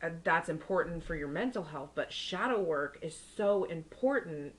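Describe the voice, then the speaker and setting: Over poor audio, a young woman with lively intonation and a moderate pace co-hosts a podcast in casual conversation. Her chatty storytelling includes acting out other people's lines with big pitch jumps.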